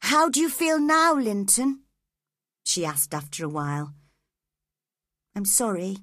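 A woman's voice: mid-range voice, very animated, unhurried, fairly bright tone, dry recording, studio quality. A woman voicing an earnest, hot-tempered teenage girl in a storybook reading. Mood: tender.

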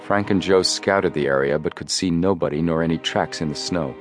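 A man narrating an audiobook with measured storytelling. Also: deep voice, faint music behind. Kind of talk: scripted narration.

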